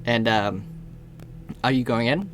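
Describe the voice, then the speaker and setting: Give me a man narrating as a tabletop game master, unhurried and descriptive, with faint music underneath. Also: medium pitch. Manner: descriptive, slows for atmosphere, frequent uhs.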